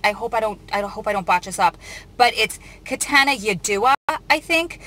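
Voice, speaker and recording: A woman's voice: mid-range voice, normal speed, fairly bright tone. A woman host reading out a news article and commenting on it, earnest and emotional, often restarting her sentences.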